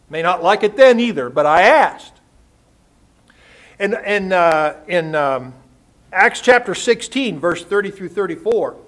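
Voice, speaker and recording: A man's voice: sits high, a bit bright. An older man preaching a sermon, folksy and full of rhetorical questions and homespun stories. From United States. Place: church sanctuary.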